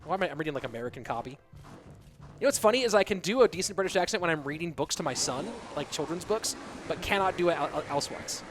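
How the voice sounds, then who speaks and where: A man calls a live game tournament with a high, bright-sitting voice, getting excited over big plays and chatting with his viewers. Music runs clearly behind him the whole time. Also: fast talker. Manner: excitable, hyped shout-outs to viewers. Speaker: esports caster and streamer. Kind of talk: live game commentary reading chat.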